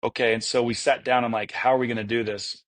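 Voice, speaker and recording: Speaking fast in a medium-pitched, fairly bright voice with a steady tone, a male entrepreneur shares stories as a guest in a casual interview. He's eager and meandering, full of fillers and false starts.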